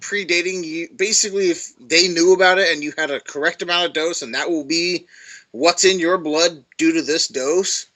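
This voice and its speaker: A man co-hosting a podcast in casual chat, blunt, sarcastic and quick to swear. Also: on the high side, sharp tone. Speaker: podcast co-host.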